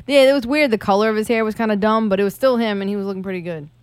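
A woman's voice: medium pitch, racing, smooth, no echo. A woman co-hosting a casual podcast, talking about movies in a profane, laughing way. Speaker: podcast co-host.

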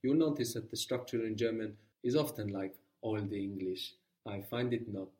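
A man teaching a guided language lesson, patiently prompting and repeating answers slowly. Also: fairly low pitch, darkish tone, distant mic.

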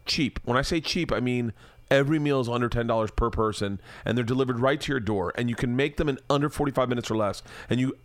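A man's voice: medium pitch, quick pace, no echo. A man in his forties hosting a podcast, doing a loose, profane, joking ad read. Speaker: podcast host. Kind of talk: casual ad read.

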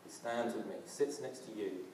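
Earnest preacher in a roomy hall. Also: male voice, on the low side, brisk, darkish tone, slight background noise. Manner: earnest, with frequent restarts and fillers. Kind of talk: sermon. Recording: roomy, from a distance.

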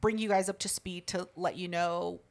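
A woman's voice: lowish voice, steady tone, normal speed, vocal fry. A young woman co-hosting a podcast, telling a story in casual chat with blunt, profane, dramatic flair. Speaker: podcast co-host.

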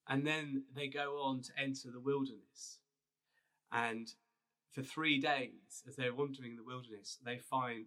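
Here a pastor's sermon takes the form of a relaxed, conversational Bible story. His voice sits in the mid-range with a sharp tone, and his telling is peppered with fillers and restarts.

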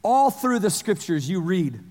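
Pastor in his forties, lighter-pitched male voice, chatty story-led sermon, big hall with long reverb. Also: very animated, measured pace, a little mellow. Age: 40s. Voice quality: conversational storytelling, repeats phrases for emphasis.

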